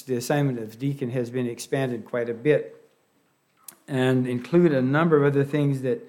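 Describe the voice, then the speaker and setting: Halting man preaching with a Pennsylvania Dutch accent. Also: mid-range voice, darkish tone. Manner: halting, with many restarts and fillers; folksy, with light humor. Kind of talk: sermon.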